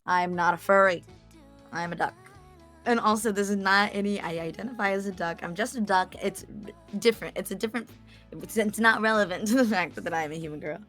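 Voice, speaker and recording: A young woman telling a story as an interview guest, animated and chatty, laughing and swearing as she goes. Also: medium pitch, brisk, soft background music. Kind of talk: casual storytelling.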